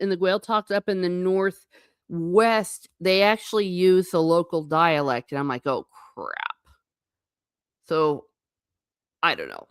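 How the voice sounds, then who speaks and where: This woman, once a teacher, now hosts a relaxed livestream where she rambles chattily, laughs a lot, corrects herself and reads viewer comments aloud. She has a clear, resonant, medium-pitched voice, recorded at studio quality with no echo.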